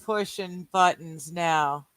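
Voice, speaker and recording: A woman's voice: fairly low pitch, slow pace, over a noisy crowd. A woman co-hosting a casual livestream, talking in a distracted way with frequent exclamations. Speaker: livestream co-host. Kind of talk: casual chat.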